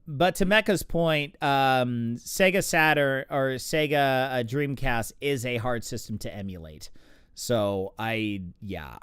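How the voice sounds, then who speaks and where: A man's voice: medium pitch, a bit bright, clean tone, no room sound, clean studio sound. A man hosting a game stream, chatting casually and getting distracted by his game, with lots of fillers. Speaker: streamer host. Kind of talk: casual chat while gaming.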